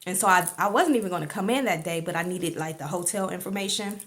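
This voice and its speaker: A woman's voice: fairly low pitch, quick pace, fairly bright tone. A woman telling a personal story in a rambling, colloquial way, full of fillers and asides. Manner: rambling, colloquial, many fillers like "or whatever not". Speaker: vlogger sharing a personal testimony. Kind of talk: casual storytelling.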